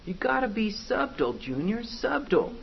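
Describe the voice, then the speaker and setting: A sly old demon boss with a gangster's coaxing manner, put on by a male preacher, his voice pitched a little higher and lively. The recording is dull and lo-fi with faint noise behind it. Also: unhurried, vocal fry, crowd noise, full character voice. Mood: urging.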